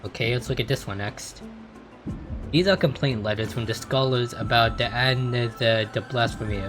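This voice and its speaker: A man's voice: mid-range voice, normal speed. Young man reading game text, swearing casually. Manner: casual, blunt, swears, deadpan reactions. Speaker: gamer playing through a story. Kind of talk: let's play commentary, reading game text aloud. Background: game music.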